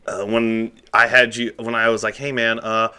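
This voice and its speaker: Late-20s male podcast co-host, bright tone, animated storyteller. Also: fairly low pitch, moderate pace, clean tone. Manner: animated storyteller who acts out shouts and quotes. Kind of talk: casual chat among friends.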